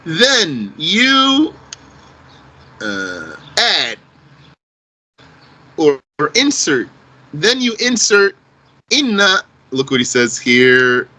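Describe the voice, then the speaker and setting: A man teaching an Arabic grammar class in English, explaining terms slowly, repeating key phrases and quizzing his students. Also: sits high, sharp tone, low-quality recording.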